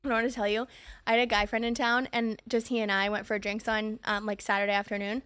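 In a casual podcast chat, this young co-host tells stories and laughs frequently. She has a smooth, slightly bright medium-pitched voice with a flat delivery and quick pace, captured dry at studio quality.

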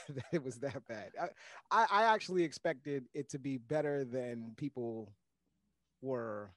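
A man's voice: mid-range voice, unhurried, a bit bright, no echo. A man co-hosting a casual podcast chat, talking in a wry, rambling way and repeating words as he thinks. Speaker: podcast co-host.

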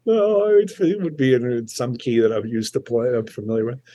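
An older man, a musician, telling a rambling, animated anecdote in a casual chat. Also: medium pitch, brisk, no room sound. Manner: rambling, animated storytelling with restarts and chuckles. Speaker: musician guest.

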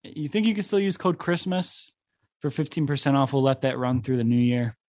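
A man's voice: mid-range voice, lively intonation, a little fast, a little mellow, no echo. A young man from near Buffalo, New York, hosting a podcast in a rambling, casual way, full of fillers and swearing. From Buffalo area, New York. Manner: rambling, lots of "like" fillers, profane. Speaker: podcast host. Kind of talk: casual chat.

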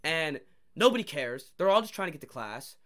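A man's voice: a little high, fairly quick. A young man co-hosting a podcast, telling stories in casual chat and acting out what people said. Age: young adult. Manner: animated storytelling, acts out quoted exchanges. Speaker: podcast co-host.

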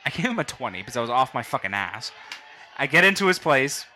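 A man's voice: mid-range voice, big pitch swings, fast, bright, forceful tone, a faint crowd, a little hiss or hum. A young man from Canada telling a long story casually, swearing a lot and acting out quotes. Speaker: podcast guest.

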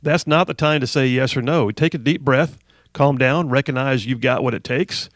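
A man's voice: mid-range voice, moderate pace, dry recording. A male radio talk show host in a studio, delivering an emphatic monologue and repeating phrases for emphasis. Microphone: studio microphone.

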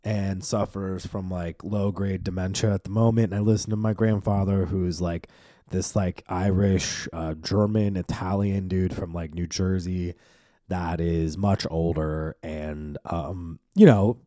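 A young man rants alone on his podcast, cursing freely and piling on fillers. His voice is low and mellow. It sits dry and close to the mic. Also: slow pace, dry recording. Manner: profane, animated rant with lots of fillers. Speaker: podcast host. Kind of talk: solo podcast monologue.

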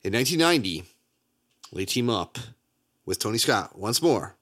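A man co-hosting a casual movie podcast, animated and quick with asides, laughing often. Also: on the low side. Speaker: podcast co-host.

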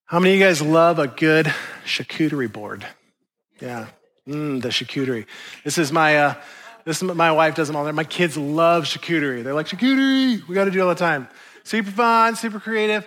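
High-voiced animated male pastor. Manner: conversational, animated preaching with acted-out quotes. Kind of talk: sermon.

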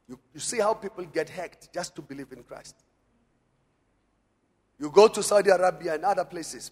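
A man preaching a sermon in church, calling on the congregation to answer and repeat after him. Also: a little high. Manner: preaching with call-and-response to the congregation. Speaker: pastor. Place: church hall. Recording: long church-hall reverb.

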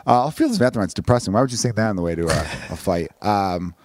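A man hosting a podcast in loose, casual chat, with a steady mid-range voice. He talks very fast and swears freely, piling up restarts as he rambles through a story. The sound is close and dry, with no room around it. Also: lowish voice, no echo. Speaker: podcast host.

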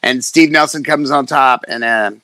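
A middle-aged man, a fighter, telling stories in casual chat, profane and animated, acting out quotes. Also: medium pitch, normal speed, no echo. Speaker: guest, fighter.

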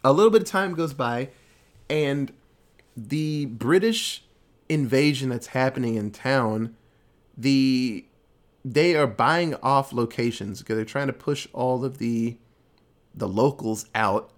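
A man talking through a movie plot in an easygoing, offhand way. He tells it loosely, packs it with fillers and curses freely. His voice sits at an ordinary middle pitch for a man. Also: slow. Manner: loose, animated retelling with many fillers and swearing. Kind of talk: casual movie recap.

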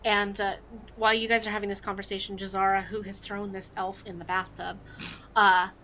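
A woman's voice: medium pitch, level tone, brisk, sharp tone, slight background noise. A woman narrating as game master in a tabletop game, loose and hesitant, with many fillers.

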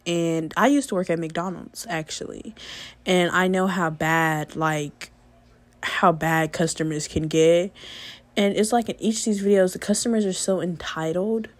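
A woman vlogger talking fast in a blunt, profane casual rant. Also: on the low side, no room sound. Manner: blunt, heavy swearing. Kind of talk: casual ranting monologue.

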